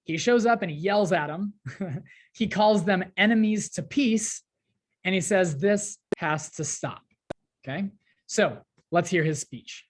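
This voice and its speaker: A woman's voice: mid-range voice, lively intonation, unhurried. A woman teacher casually explaining a play, paraphrasing lines in chatty modern slang.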